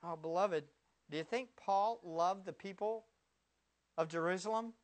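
A male pastor preaching a sermon, firing rhetorical questions at the congregation and swinging from loud bursts to hushed words. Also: high voice, a little slow.

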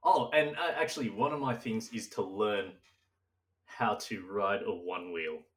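A man's voice: on the low side, unhurried, recorded from a distance. A young man co-hosting a casual chat, rambling and laughing often, sometimes slipping into silly old-timey voices. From Australia. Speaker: podcast co-host.

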